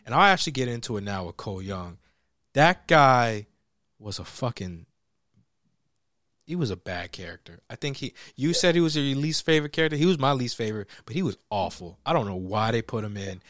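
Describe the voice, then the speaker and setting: A young man in casual chat, reviewing a film with a friend, lively and laughing, acting out characters in quoted voices. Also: fairly low pitch, a little fast, no room sound, studio quality. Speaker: podcast co-host reviewing a film.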